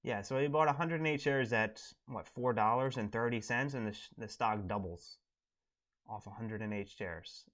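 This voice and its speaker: A man's voice: medium pitch, moderate pace, fairly bright tone. A man streaming live as a day trader, talking casually and thinking aloud, his voice dropping to mumbled asides as he reads charts and headlines. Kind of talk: live trading commentary.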